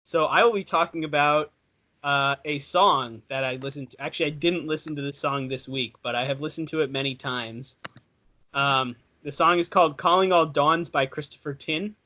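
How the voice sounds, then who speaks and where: Young male co-host, casual rambling chat, bright tone, dull lo-fi podcast sound. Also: fairly high pitch, normal speed. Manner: rambling, self-correcting, chatty.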